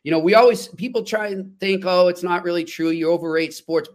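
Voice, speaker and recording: Animated storytelling male podcast co-host. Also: high voice, brisk. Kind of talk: casual sports chat.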